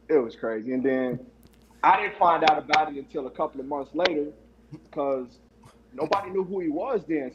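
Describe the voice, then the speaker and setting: Laughing animated man with noisy background. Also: fairly high pitch, dull audio. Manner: laughs often, animated retelling with quoted voices. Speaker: guest, former running back. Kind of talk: casual storytelling.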